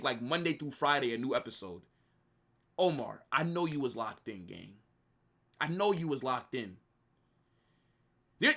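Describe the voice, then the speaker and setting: A man's voice: on the high side, pushed and bright. A young man casually chatting to his live-stream viewers in a slangy, rambling way. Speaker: watch-along streamer.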